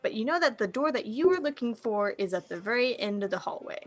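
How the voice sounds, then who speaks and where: A woman game master narrating a tabletop vampire game, describing scenes in a relaxed, casual way and swearing now and then. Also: on the high side, fast talker, soft background music.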